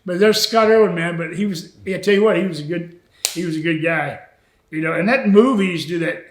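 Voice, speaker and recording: Older man with a high, chuckly voice. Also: a little fast, echoey room, a little hiss or hum. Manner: chuckling, folksy, peppers talk with "man". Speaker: retired wrestler telling road stories. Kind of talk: shoot interview, anecdotal storytelling.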